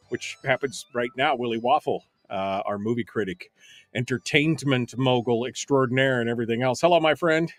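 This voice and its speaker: A man's voice: medium pitch, normal speed, soft background music. A man hosting a talk show, chatting casually, laughing often and reading out chat messages with exasperated asides.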